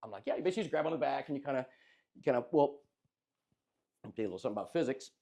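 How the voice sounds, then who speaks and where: A young man telling a funny story in casual chat, animated and often laughing as he acts out what people said. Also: mid-range voice, racing, a little hiss or hum. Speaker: podcast host telling a story.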